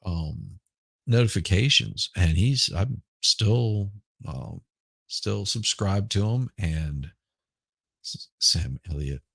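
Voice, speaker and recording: A middle-aged man with a Southern accent, hoarse right now, chatting casually and rambling on a livestream. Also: low-pitched, no room sound. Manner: rambling, halting, repeats words. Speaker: livestream host. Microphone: headphones with mic.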